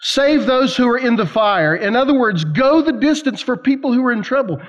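A man preaching a sermon to college students, telling stories in an animated, emphatic way with conversational asides. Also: very high voice, moderate pace. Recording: slightly dull lo-fi sound.

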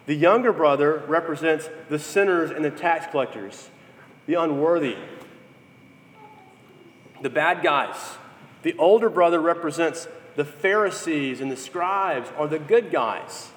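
A man's voice: on the high side, measured pace. A man preaching a sermon, telling stories and acting out quotes with energy. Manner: storytelling with lively acted quotes. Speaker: pastor. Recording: echoey hall.

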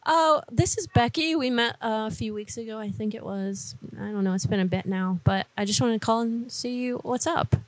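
A woman's voice: fairly high pitch, moderate pace, few pauses, dry recording, close to an everyday voice. Woman posing as a shy, evasive buyer. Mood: coy. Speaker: prank caller.

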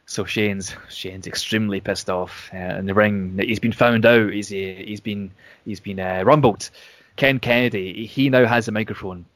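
A man's voice: on the low side, steady tone, moderate pace, a bit bright, dry recording. A man casually retelling a wrestling storyline, rambling with restarts and fillers.

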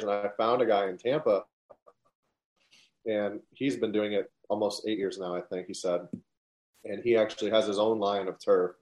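Male guest, plain-spoken business owner, low, even delivery. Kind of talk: casual interview answers.

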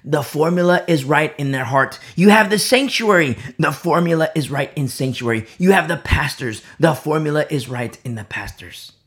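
A woman's voice: sits low, expressive, moderate pace, few pauses. A woman pastor delivering a sermon emphatically, repeating key phrases and dropping to near-whispers.

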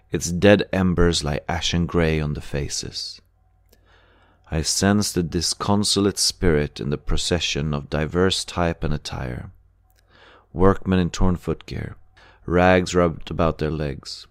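A male audiobook narrator with a deep voice reads scripted narration. The recording is clean studio sound with no room ambience.

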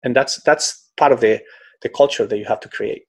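A middle-aged man, a swim coach, telling stories in a conversational interview, animated and peppering his talk with "you know". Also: mid-range voice, brisk, vocal fry, breathy edge. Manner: animated, frequent "you know", breaks into quoted voices.

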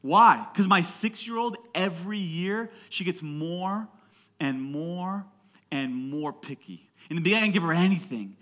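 A man in his thirties preaching a sermon to his church, emphatic and building to loud passionate peaks, calling on the congregation to answer back. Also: high voice, unhurried. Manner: call-and-response with the congregation. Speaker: pastor.

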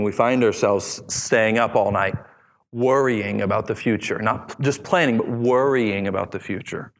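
Man, 30s, pastor; chatty, humorous sermon delivery, mid pitch, big reverberant church hall. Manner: humorous, conversational preaching.

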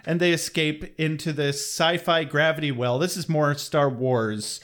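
Guy on a podcast recapping a cartoon, kinda high voice, rambly, swears a lot. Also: steady tone, a little slow, a bit bright. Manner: rambling, swears casually, thinks aloud. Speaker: podcast co-host. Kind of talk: casual chat reviewing a cartoon episode.

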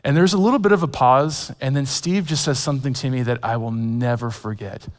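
This forties-aged pastor has a mid-range voice and a brisk delivery, with a long reverb tail trailing his words. His sermon leans on personal anecdotes told with self-deprecating humor, and he often uses fillers and starts over.

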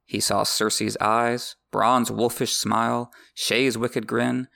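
Gravelly-voiced male podcast host. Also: mid-range voice, little pitch movement, takes it slowly, pushed and bright. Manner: wry, joking asides. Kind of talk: reading a book with comedic commentary.

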